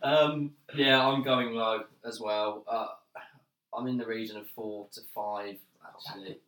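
A man's voice: on the low side, steady tone, unhurried, a bit bright. A man co-hosting a podcast, hesitant with many filler sounds. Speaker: podcast co-host. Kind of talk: casual chat. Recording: roomy sound, distant mic.

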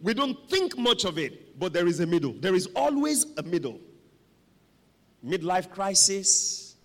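A man preaching a sermon, dramatic and animated, with call-and-response to the congregation. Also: sits high, measured pace. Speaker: pastor. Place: church hall. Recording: long echo of a large hall.

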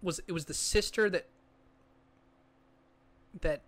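A man with a fairly high voice chats about movies with a co-host. He tells stories in an animated, rambling way, full of fillers and restarts. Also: takes it slowly. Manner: animated storyteller, lots of likes and restarts. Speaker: podcast co-host. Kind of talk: casual movie discussion.

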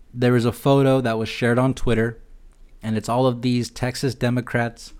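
A man hosting a podcast alone, ranting about politics in a heated, sarcastic and profane way. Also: mid-range voice. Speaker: podcast host. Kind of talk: solo political rant.

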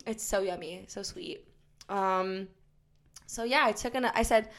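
A woman from New Jersey with a Jersey accent, co-hosting a podcast in casual, rambling chat while high and tipsy. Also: unhurried, a bit bright. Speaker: podcast co-host.

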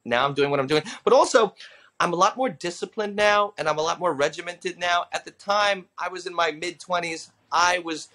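A man in his thirties with a high voice speaks at a moderate pace on a casual podcast. The comedian and impressionist tells animated stories, voicing the people he quotes.

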